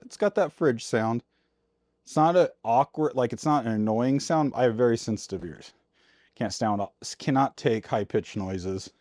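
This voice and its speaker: With studio-quality sound and no echo, a man speaks at a moderate pace in a mid-range, darkish voice. He vlogs from his RV, working while he chats into a handheld mic, folksy, informal, and a bit grumbly toward himself and viewers.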